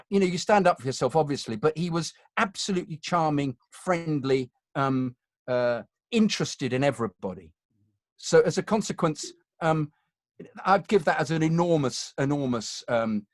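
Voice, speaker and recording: A man's voice: fairly high pitch, no echo, clean studio sound. A middle-aged British man, a voiceover artist, telling chatty, self-mocking anecdotes and acting out the lines he quotes. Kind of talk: conversational anecdotes.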